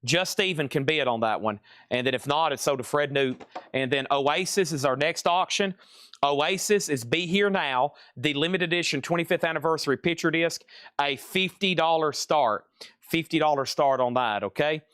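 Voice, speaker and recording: A man's voice: on the high side, normal speed, a bit bright, clean tone, no echo, clean studio sound. A man hosting a live-streamed record sale, chatty and rambling as he runs through auctions. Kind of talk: live-stream sales patter.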